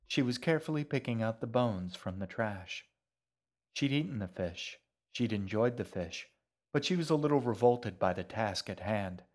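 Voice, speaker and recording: A narrator with a fairly low voice reads a novel aloud for an audiobook. His storytelling is measured and even, moving at a steady, deliberate pace.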